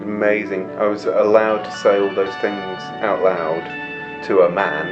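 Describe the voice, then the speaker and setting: A middle-aged man telling personal stories in an interview, animated, mimicking relatives in loud high voices. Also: unhurried. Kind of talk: personal storytelling. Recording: slightly muffled with music behind.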